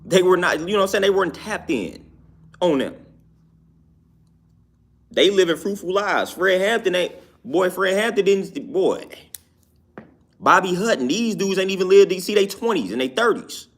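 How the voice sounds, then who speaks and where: A high, expressive, gravelly voice moves at a moderate pace and pauses often as this man gives his opinions on his own YouTube show. His casual talk is emphatic and repetitive, with frequent "you know what I'm saying."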